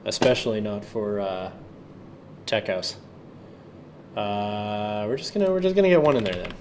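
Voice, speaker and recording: A man's voice: on the low side, expressive, moderate pace, darkish tone, a little hiss or hum. A man livestreaming while he produces music, talking to himself and his chat in a loose, offhand way and swearing now and then. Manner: chatty running self-talk, swears offhand.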